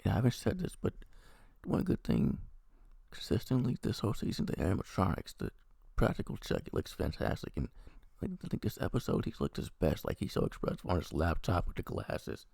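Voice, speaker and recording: A man's voice: low voice, wildly swooping pitch, fairly quick, creaky, darkish tone, no room sound, clean studio sound. A man giving a rambling, profane, casual recap and review of a TV episode. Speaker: TV review vlogger.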